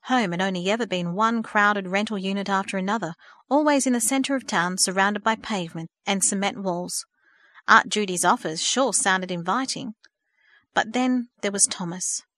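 A woman narrates a storybook for an audiobook, reading steadily and in a measured way at an ordinary female pitch. The recording is close and dry, with no room sound at all.

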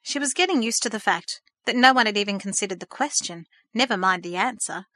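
A woman reading a story aloud in a measured, gentle storytelling manner. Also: mid-range voice, animated, dry recording, clean studio sound. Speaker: narrator. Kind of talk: scripted storybook narration.

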